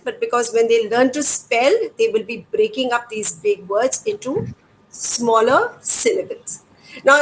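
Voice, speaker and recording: A woman's voice: a little high, a bit bright, poor audio. A middle-aged woman with an Indian English accent, explaining reading activities to parents in a patient, demonstrative way and asking rhetorical questions. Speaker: educator. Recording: faint background noise.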